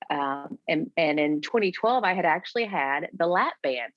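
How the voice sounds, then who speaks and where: A woman's voice: fairly low pitch, normal speed, hardly any pauses, no echo. A woman in her forties from Florida, candidly telling her story in a casual interview and acting out what she and others said. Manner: candid, conversational, quotes herself in lively voices. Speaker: guest. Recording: dull lo-fi sound, dry.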